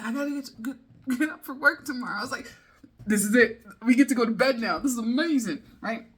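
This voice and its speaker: Young american woman vlogging, high voice, rambly and giggly, lots of um and like. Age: young adult. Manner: rambling, laughing, with many fillers and self-interruptions. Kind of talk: casual storytelling vlog.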